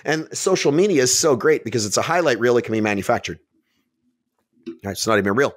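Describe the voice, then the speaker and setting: A man's voice: fairly high pitch, no echo, studio quality. A man talking as a podcast guest in a casual interview, blunt and brash, swearing freely and acting out other people in put-on voices. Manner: acts out quoted people in different voices. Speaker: podcast guest, fitness business owner.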